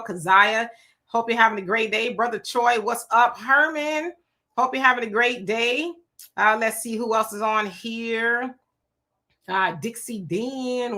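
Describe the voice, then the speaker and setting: A woman's voice: a little high, bright, forceful tone. A woman hosting her own live stream show, chatting casually and greeting viewers by name. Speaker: livestream show host.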